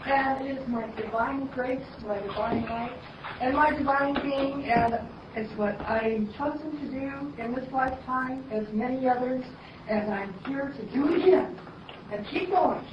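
A woman gives an emphatic, fervent personal testimony at a group meeting. Her voice is high. She is heard from a distance in an echoey room, with clear background noise. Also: measured pace, muffled recording. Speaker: meeting participant.

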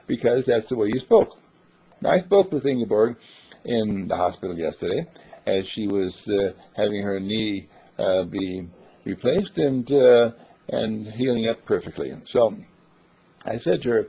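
An older man delivers a homespun sermon built from everyday stories, earnest and plainspoken with small hesitations. His voice is husky and gravelly. The recording has a dull, lo-fi sound. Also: mid-range voice, expressive, unhurried, dark tone. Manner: folksy and earnest, hesitant with uhs, acts out quoted voices.

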